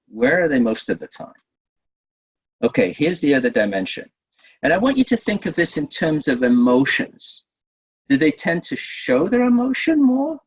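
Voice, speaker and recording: A male workshop presenter talks through his lesson in a lively, rising-and-falling voice and keeps putting questions to his audience. His voice has a husky edge and sits at a middle pitch. The audio is dull and lo-fi, like a recorded webinar. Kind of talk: webinar teaching.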